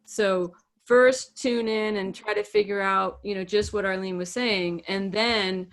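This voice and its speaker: A woman's voice: medium pitch, steady tone, measured pace. Woman, podcast co-host, casual advice chat, direct, emphatic. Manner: direct, emphatic, acts out example lines. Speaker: podcast co-host, relationship coach.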